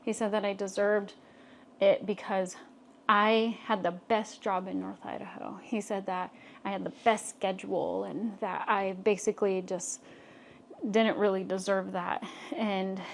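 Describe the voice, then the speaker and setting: A young adult woman, co-hosting a podcast and telling a personal story in a casual, animated way with many fillers. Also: mid-range voice, a little slow, creaky, slight background noise. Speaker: podcast co-host.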